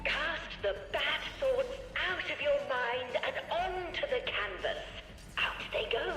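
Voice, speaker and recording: Brief: a tranquil game guide, very slow, soothing, in a roomy hall with long reverb and music. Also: high voice, animated, pushed and bright, exaggerated voice.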